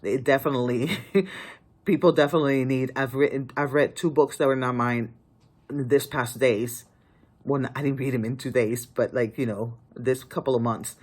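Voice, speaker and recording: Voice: medium pitch, fairly even intonation, moderate pace, darkish tone, husky. An author giving casual writing advice to the camera, emphatic and pleading, often restarting sentences.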